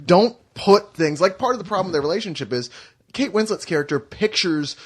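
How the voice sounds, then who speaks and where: A man's voice: sits high, expressive, a little fast, slightly rough. A man co-hosting a casual film review podcast, earnest and thoughtful. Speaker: podcast co-host.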